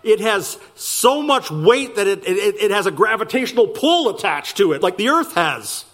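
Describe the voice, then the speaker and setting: A man preaching a sermon, slowing down to stress key words and speeding through asides. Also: high-pitched. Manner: animated preaching, slowing for emphasis and rushing asides. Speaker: pastor.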